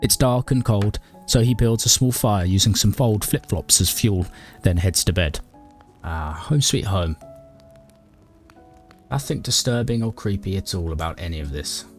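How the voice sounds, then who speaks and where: Lowish male gaming narrator, deadpan and mock-dramatic, over soft music. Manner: dry, mock-dramatic, talks to his character. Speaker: gaming YouTuber narrating a playthrough. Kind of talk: comedic game commentary and narration.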